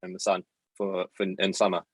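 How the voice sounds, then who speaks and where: A man's voice: low voice, monotone, brisk, a bit bright, dry recording. A young man with a New Zealand accent hosting a casual podcast chat, swearing freely and bantering with his mates. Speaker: podcast host.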